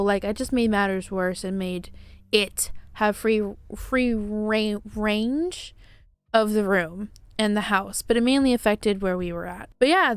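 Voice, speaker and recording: A woman's voice: mid-range voice, clear, resonant tone, no echo. A woman vlogger telling a personal paranormal story in an emotional, dramatic way, full of fillers and restarts.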